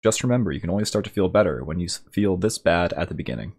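A man's voice: low-pitched, animated, fast, vocal fry, darkish tone, husky, full character voice. A man reading the lines of a huge, jovial, red-bearded brawler from game text, in his own plain voice. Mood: wry. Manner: read plainly without the accent. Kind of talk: reading game dialogue aloud.

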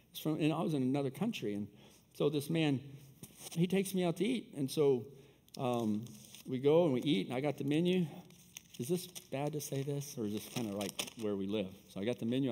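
A man preaching a sermon, telling stories in an easygoing way and building up to loud, fervent preaching. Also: medium pitch, brisk, a little hiss or hum. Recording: long hall reverb.

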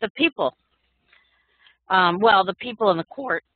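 Female class participant, reflective, mid-pitched, phone-line quality. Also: lively intonation, measured pace, husky, dry recording. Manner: thoughtful, musing, with fillers. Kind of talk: group discussion.

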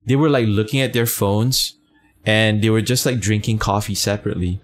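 A man's voice: fairly low pitch, fairly even intonation, fairly quick, slight background noise. A man streaming a game, chatting casually with his chat, teasing, full of fillers and swearing. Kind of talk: casual gameplay commentary, reading chat.

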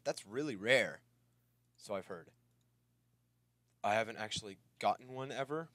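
A man giving casual, excitable let's-play commentary, chatting to the creatures he meets and yelping when they rush him. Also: fairly low pitch, normal speed, long pauses, dry recording. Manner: excitable, talks to the creatures on screen, yelps in panic. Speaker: gameplay commentator. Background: game music.

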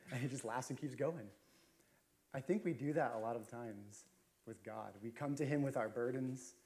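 A man's voice: medium pitch, normal speed, a little mellow. A man preaching a sermon as a pastor, chatty and storytelling, with frequent fillers and restarts. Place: church sanctuary.

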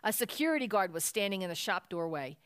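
A woman's voice: medium pitch, very animated, fast talker, fairly bright tone, clear, resonant tone, dry recording. A woman reading a children's Christmas story aloud at a church service, telling it expressively.

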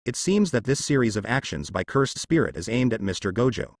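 A male narrator reads a translated fan novel aloud with a lively, swinging pitch. His delivery is steady and unbroken, with no slips or fillers. The voice sits close and dry, with no room sound around it. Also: brisk, no echo.

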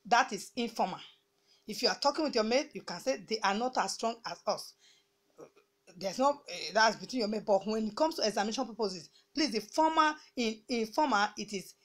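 A slightly high-pitched woman from Nigeria gives a grammar lesson to students. She speaks deliberately, repeats each rule, and slows right down when she dictates example sentences. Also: a bit bright. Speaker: English teacher.

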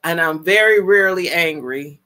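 A woman in her fifties hosting a casual live stream, greeting viewers with exuberant shouts and drawn-out, playful calls. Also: on the low side. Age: 50s. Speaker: livestream host.

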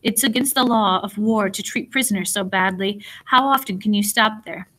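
A woman reading an audiobook voices a calm, decent captain held as a prisoner, speaking courteously and formally. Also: mid-range voice, normal speed, poor audio. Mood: earnest.

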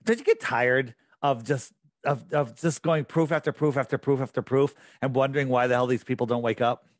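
A man's voice: medium pitch, fairly quick, no room sound, clean studio sound. A man speaking as a podcast guest in casual chat, insistent and emphatic, often repeating himself.

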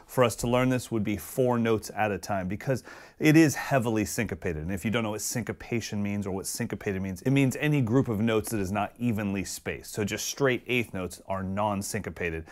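A man's voice: lowish voice, fairly quick. A man giving a casual, friendly drum lesson who sings out drum patterns with his voice. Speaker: drum teacher. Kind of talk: casual instructional talk.

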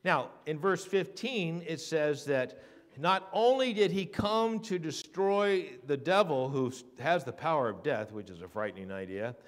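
A man preaching a sermon in a church. He swings from hushed to loud and leans on rhetorical questions and repetition. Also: on the high side, animated, a little slow. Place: church sanctuary.

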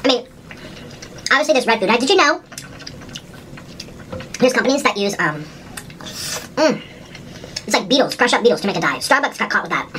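A woman's voice: a little high, sing-song, a little fast, long pauses, a bit bright, slight background noise, low-quality recording. A woman doing a casual mukbang, chatting at home while she eats, often humming and saying "ooh" between bites. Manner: chatty, talks while eating, little hums and ooh sounds. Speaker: vlogger.

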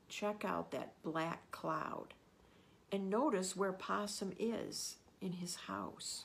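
A woman, a children's librarian, reading a picture book aloud and gently explaining words and pictures to children. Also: fairly low pitch, lively intonation, takes it slowly, vocal fry, a little hiss or hum.

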